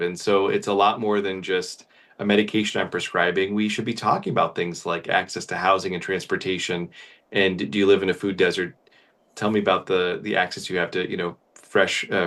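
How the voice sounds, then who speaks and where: A male family physician speaks on a panel discussion with a fairly low voice. He talks earnestly and conversationally, easing into anecdotes from his practice. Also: distant mic. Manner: earnest, conversational, animated storytelling. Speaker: family doctor.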